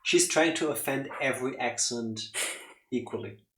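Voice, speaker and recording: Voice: medium pitch, moderate pace, fairly bright tone, roomy sound. A host teasing a co-player and joking through casual let's play banter.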